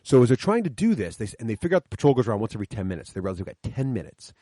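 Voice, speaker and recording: A middle-aged man, guesting on a podcast during a sit-down chat in a coffee shop, enthusiastically describes running tabletop games for his kids. He explains the rules step by step and acts out players' lines, speaking quickly with lively pitch swings. The sound is dry, close, and echo-free.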